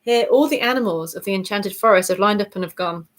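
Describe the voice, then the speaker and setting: A woman's voice: mid-range voice, quick pace. A woman hosting a casual weekly tarot reading video, chatty and bubbly, laughing easily and often correcting herself as she goes. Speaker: tarot reader.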